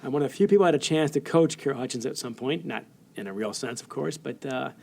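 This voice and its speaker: A middle-aged American man telling stories as a guest in an interview, animated and laughing often while he acts out quotes. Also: medium pitch, quick pace, creaky. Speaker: author guest. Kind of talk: storytelling interview.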